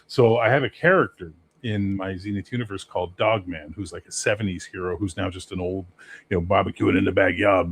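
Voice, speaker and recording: A man's voice: sits low, a little fast, breathy edge. A middle-aged man, a game master guest, telling rambling, profane stories in casual podcast chat. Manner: rambling, profane, animated storyteller.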